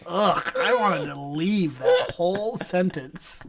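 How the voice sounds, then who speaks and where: A man's voice: high-pitched, animated, takes it slowly, background noise. A man co-hosting a podcast in casual, jokey chat, laughing often. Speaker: podcast co-host.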